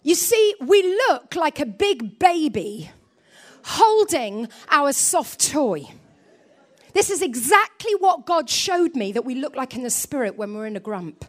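A woman preaching a sermon, telling a story with lively delivery and quiet low asides. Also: unhurried.

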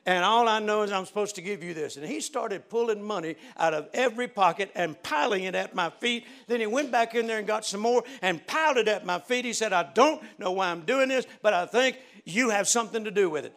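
An older man preaching a fervent sermon, leading the congregation in prayer and shouting praise. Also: sits high, expressive, a little fast, few pauses. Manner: fervent, shouting preaching with call-and-response prompts.

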